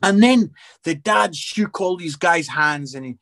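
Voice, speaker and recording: A man, an evangelist and comedian, telling his faith story in an interview as an animated storyteller with many restarts. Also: a little high, measured pace. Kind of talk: personal testimony in an interview.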